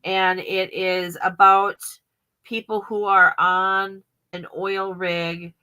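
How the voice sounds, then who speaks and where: A bubbly woman hosts a casual podcast chat with a bright, clear voice. She gives quick affirmations and laughs often. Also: medium pitch, little pitch movement, low-quality recording. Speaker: podcast host.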